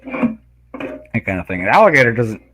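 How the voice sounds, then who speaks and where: A man in casual chat who tells animated stories, acting out voices and laughing loudly. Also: medium pitch, normal speed, faint music behind. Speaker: guest.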